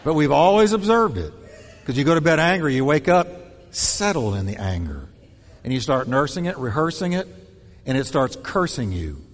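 A male pastor delivering a sermon in an animated, punchy style, hammering home short repeated phrases. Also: fairly high pitch, moderate pace, big-room sound.

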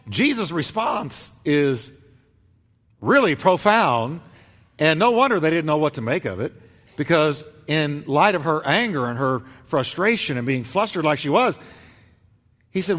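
A man delivering a sermon from the pulpit, his slightly high voice rising and falling with wide, animated swings. He tells the story dramatically, going loud and then dropping to a near hush. The sound rings with a long reverb, as in a large church. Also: a little slow. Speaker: pastor.

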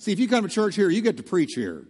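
A man's voice: high voice, wildly swooping pitch, fast talker, darkish tone, in a large hall. A male pastor preaching a sermon emphatically, drawing the congregation into call-and-response. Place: church sanctuary.

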